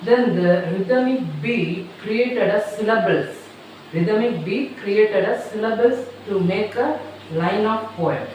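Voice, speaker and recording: A teacher lectures at a slow, deliberate pace and repeats each sentence so students can write it down. The voice sits at a middle pitch and sounds distant. The recording is very echoey, with a faint hiss underneath. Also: darkish tone. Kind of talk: classroom lecture dictating notes. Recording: very echoey room, voice far from mic, faint noise.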